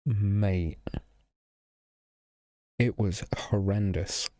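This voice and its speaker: Rambling, sweary man, low mellow voice. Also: fairly even intonation, drawn-out words, dry recording. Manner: rambling, sweary, with many fillers and restarts. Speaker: vlogger. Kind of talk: casual storytelling to camera.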